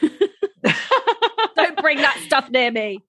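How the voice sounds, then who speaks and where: A woman's voice: high voice, very animated, slow, sharp tone, no echo, clean studio sound. A woman co-hosting a podcast, chatty and giggly in casual conversation. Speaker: podcast co-host. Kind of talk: casual chat.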